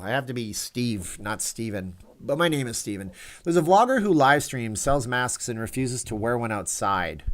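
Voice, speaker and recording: A middle-aged man hosting a casual livestream, chatting and reading viewer comments in a rambling, self-mocking way, swinging between loud and soft. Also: mid-range voice. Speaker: livestream host. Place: Las Vegas.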